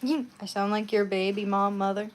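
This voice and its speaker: A woman's voice: mid-range voice, fairly even intonation, normal speed. Young woman, live streamer, casual rambling chat, bedroom, phone mic, faint background noise. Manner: chatty, rambling asides. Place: bedroom at home.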